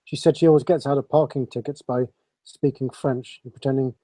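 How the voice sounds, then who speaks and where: A man with a mellow, dark voice talks calmly and matter-of-factly in a casual chat. His sound is close and dry, with no room around it. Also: medium pitch, fairly quick, no echo.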